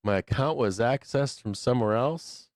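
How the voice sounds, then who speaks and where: Brief: male livestream host, excitable and profane, mid-pitched, dry close mic. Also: moderate pace, dry recording. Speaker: livestream trading show host. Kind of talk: casual livestream chat.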